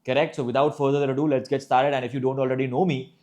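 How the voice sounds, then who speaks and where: A man's voice: medium pitch, level tone, fast talker, a little mellow. A man teaching public speaking, often ending points with "correct?" and demonstrating as he explains. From India. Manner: tags sentences with "Correct?", demonstrates by example. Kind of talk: instructional talk to camera.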